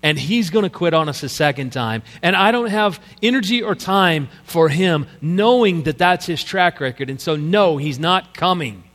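A man acts out a stern, impatient apostle, blunt and exasperated. The voice sits somewhat high. A long reverb trails each line. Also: lively intonation, moderate pace, few pauses, fairly bright tone.

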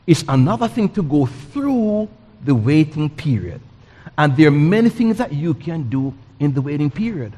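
Animated preacher in a hall. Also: male voice, fairly high pitch, normal speed. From Jamaica. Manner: animated storytelling, acts out voices and sounds. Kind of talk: sermon.

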